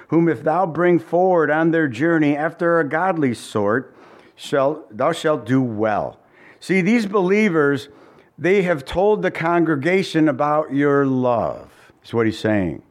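Animated man preaching a sermon. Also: on the high side, a little slow. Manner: animated, asks the congregation many rhetorical questions; reads scripture in old-fashioned wording. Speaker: pastor.

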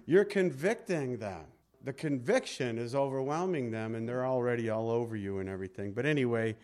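A man's voice: medium pitch, a little mellow. A male pastor preaching a sermon in a conversational, storytelling manner.

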